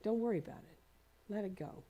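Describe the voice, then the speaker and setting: A woman minister giving a sermon, gentle and encouraging, slowly repeating phrases for emphasis. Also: medium pitch. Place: spiritual community center.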